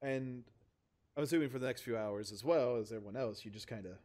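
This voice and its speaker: A man narrating as game master of a tabletop game, relaxed and chatty with frequent fillers. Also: on the low side, racing.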